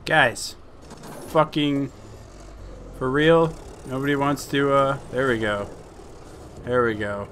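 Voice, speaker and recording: A young man giving casual, profane, joking commentary over his video game play, flipping between excited shouts and laid-back chatter. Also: mid-range voice, slow, pauses often, slight background noise. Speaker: gameplay commentator.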